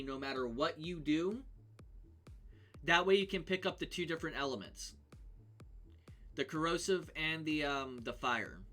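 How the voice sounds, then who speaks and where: A man's voice: a little high, pushed and bright. A male game streamer talking casually through a team build, thinking aloud with lots of ums and restarts.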